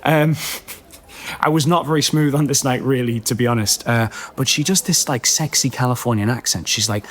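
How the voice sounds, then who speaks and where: Man, comic storyteller, animated and self-deprecating, chatty asides, middle-pitched voice. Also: normal speed.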